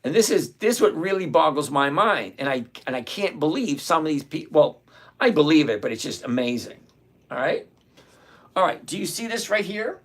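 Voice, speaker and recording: A man's voice: fairly high pitch, big pitch swings, moderate pace. Emphatic, lecturing male trading streamer. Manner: exasperated, emphatic, lecturing viewers. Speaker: livestream stock trading host. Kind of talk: casual livestream commentary.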